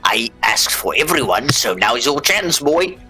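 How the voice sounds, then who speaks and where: A man's voice: mid-range voice, very animated, normal speed, bright, forceful tone, breathy edge, soft background music. A man playing a character in a live tabletop game, theatrical and playful. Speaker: player.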